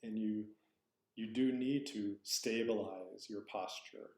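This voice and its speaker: A man's voice: fairly low pitch, fairly even intonation, slow, darkish tone. A man giving a dharma talk as a Zen teacher, reflective and searching, often correcting himself aloud. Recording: roomy echo.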